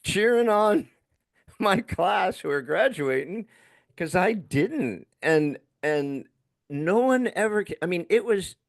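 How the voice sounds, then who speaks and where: A man hosting a podcast tells a story in a relaxed way, laughing often and slipping into other people's voices. His voice is gravelly and swings lively up and down, and the recording sounds close and dry. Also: high voice, slow, no echo. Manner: laid-back, laughs often, acts out voices. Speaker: podcast host. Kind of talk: casual storytelling.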